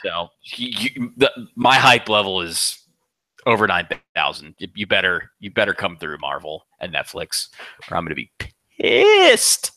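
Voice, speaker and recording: A man co-hosting a casual movie chat, excitable and profane, often stumbling and restarting. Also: low voice, moderate pace, dry recording. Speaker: podcast co-host.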